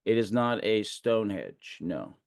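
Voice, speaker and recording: A man's voice: lowish voice, very animated, slow pace, gravelly, a little hiss or hum. A man running a tabletop game as game master, rambling and hesitant, with many fillers and restarts.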